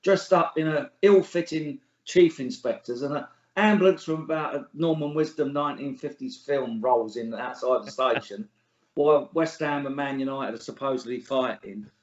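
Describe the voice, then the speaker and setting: A man's voice: mid-range voice, moderate pace. A middle-aged man, the guest in a casual interview, talking bluntly and scornfully, with plenty of swearing. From England. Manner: blunt, sweary, scornful, laughs at his own stories. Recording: echoey room, dull lo-fi sound.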